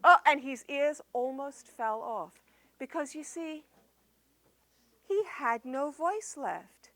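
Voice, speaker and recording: A woman entertainer telling a story live to young children, animated and sing-song with drawn-out emphasis. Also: high-pitched.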